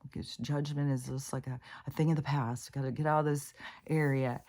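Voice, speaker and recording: A woman's voice: a bass voice, steady tone, a little fast, a little mellow. A woman in a casual, rambling spiritual vlog, talking frankly to her viewers, swearing freely and ranting at times. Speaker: spiritual vlogger.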